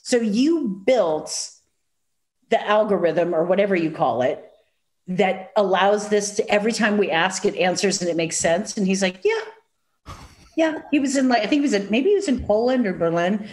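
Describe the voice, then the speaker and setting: A woman with a nasal Chicago accent, a guest in a casual chat, telling stories with lively acted-out quotes. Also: mid-range voice, moderate pace. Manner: animated storyteller, acts out quoted voices.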